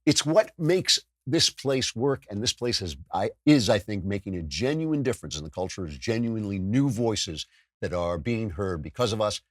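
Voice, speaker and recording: Husky, lively-voiced male commentator. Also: normal speed, no room sound, clean studio sound. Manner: wry, sardonic, with sudden jumps in pitch. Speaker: political commentary podcast host. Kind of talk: opinionated monologue.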